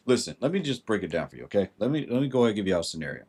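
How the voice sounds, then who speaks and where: Male livestream host, husky, blunt and emphatic, casual advice talk. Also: lowish voice, big pitch swings, rapid-fire. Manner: blunt and emphatic, swears, greets viewers by name.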